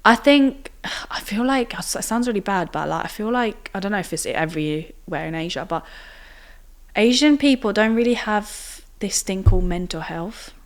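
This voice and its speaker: A woman's voice: medium pitch, lively intonation, moderate pace. A young woman in her twenties, telling her own story as a podcast guest in a chatty way full of fillers like "like" and "do you know what I mean". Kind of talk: personal storytelling in interview.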